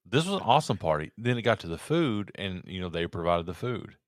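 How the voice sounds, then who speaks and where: A man's voice: sits low, very animated, a little fast, dry recording, clean studio sound. A man co-hosting a podcast, chatting casually in an easygoing, teasing way. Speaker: podcast co-host. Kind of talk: casual chat.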